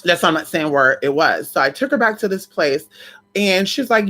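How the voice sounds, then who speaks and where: Woman vlogger, kinda low voice, swearing a lot, storytime chat with y'all. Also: normal speed. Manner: animated, profane, addresses viewers as "y'all". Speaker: vlogger telling a personal story. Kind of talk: casual storytime.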